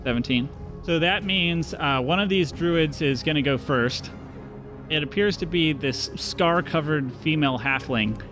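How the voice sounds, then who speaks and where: Brief: easygoing young male game master, rambling narration, a bit high-pitched. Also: measured pace, over music. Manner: relaxed, rambling, many fillers and restarts.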